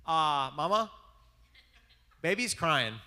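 A man voicing an earnest, matter-of-fact little boy who announces things loudly. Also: a little high, very animated, slow pace, pitched above the performer's own voice, full character voice.

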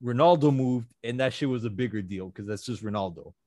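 Male co-host, relaxed slangy talker, mid-range pitch, dry close mic. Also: fairly quick, dry recording. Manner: laid-back, slangy, lots of restarts. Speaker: podcast host. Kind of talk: casual chat.

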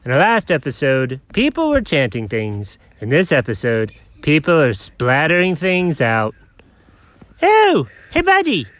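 A man hosting and narrating a comic story show in a slow, playful, drawn-out way. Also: medium pitch, sing-song, fairly bright tone, no room sound.

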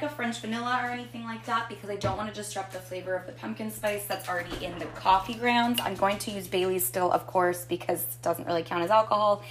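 A chatty woman talks through a coffee review in her own kitchen, upbeat and casual. She swears freely and rambles at an everyday pitch, like someone chatting with friends. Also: fairly bright tone. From Canada. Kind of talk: casual chat.

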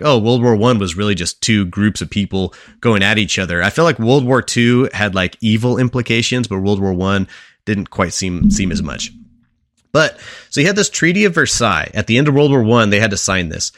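A man's voice: on the low side, animated, fairly quick, fairly bright tone, no room sound, clean studio sound. A man on a podcast, presenting a history segment in casual chat, telling it like a story and quizzing his co-hosts along the way.

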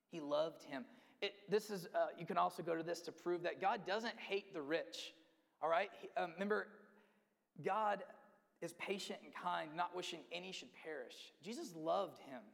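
Gravelly high-voiced man preaching in a hall. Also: moderate pace, pauses often. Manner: emphatic, acts out quotes, repeats words. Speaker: pastor. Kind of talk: sermon. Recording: long hall reverb.

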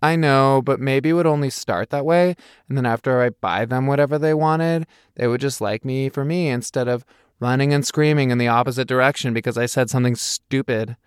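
A man's voice: mid-range voice, a little fast, clear, resonant tone, no room sound, studio quality, close to an everyday voice. A man narrating an audiobook voices a cheerful, rambling young man who talks about himself without a filter. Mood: earnest. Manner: rambling, chatty, self-deprecating.

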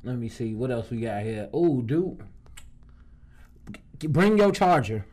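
A man's voice: mid-range voice, big pitch swings, a little slow, a little mellow. Laid-back slangy man in casual chat. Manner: laid-back slangy banter, drifts into voices and accents. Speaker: podcast co-host.

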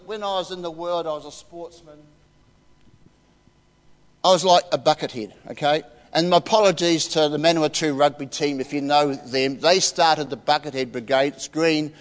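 A man's voice: fairly high pitch, fairly even intonation, normal speed. Older New man preaching in a hall. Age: 60s. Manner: heartfelt, emotional, emphatic. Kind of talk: personal testimony sermon. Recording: reverberant church hall.

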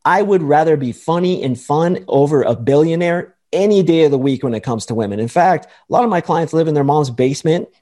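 Mellow-voiced man, emphatic dating coach. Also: medium pitch. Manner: emphatic, lecturing, acts out quoted voices. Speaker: dating coach, podcast guest. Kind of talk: confident explanatory talk.

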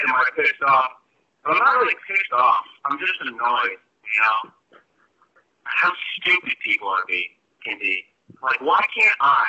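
A man's voice: mid-range voice, sharp tone, breathy edge. A young man calling in to a podcast by phone, telling a profane, exasperated rant about people at work. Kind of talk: ranting voice message. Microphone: phone on speaker. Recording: muffled phone playback.

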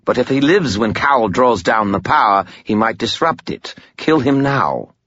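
A man's voice: mid-range voice, very animated, moderate pace, a bit bright, dry recording, muffled recording, pitched above the performer's own voice. A man voicing a cold, contemptuous male spirit bound in a skull, speaking in an empty, scornful way. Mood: cold contempt.

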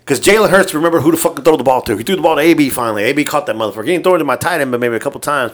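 A man co-hosting a casual sports podcast, swearing a lot, excitable and laughing often. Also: on the high side, rapid-fire, few pauses. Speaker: podcast co-host.

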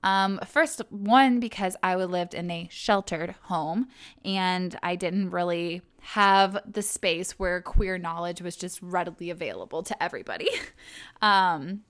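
A woman's voice: fairly low pitch, a little slow, fairly bright tone, dry recording, clean studio sound. A young woman from Kentucky hosting her own podcast, talking in a chatty, rambling way with lots of fillers and self-corrections. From Kentucky, USA. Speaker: podcast host. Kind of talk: casual solo podcast monologue.

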